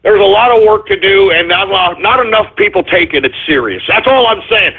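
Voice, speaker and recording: Male radio host, high husky voice, exasperated mock-angry rants, tinny phone-grade sound. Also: a little fast, few pauses. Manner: mock-angry ranting, swearing, exasperated outbursts. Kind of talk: live internet talk radio, reading listener shout-outs.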